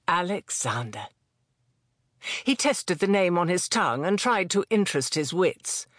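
A narrator reading a historical novel aloud in a measured, even storytelling voice. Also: medium pitch, no echo. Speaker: audiobook narrator. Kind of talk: scripted audiobook narration. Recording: dry close studio sound.

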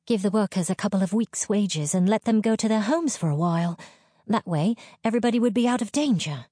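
A woman's voice: medium pitch, a little fast, mellow, no room sound, studio quality, voice pushed up, close to an everyday voice. A woman voicing an anxious, outspoken young wife and mother, blunt and pressing. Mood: urgent. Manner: blunt, pressing, raised and urgent.

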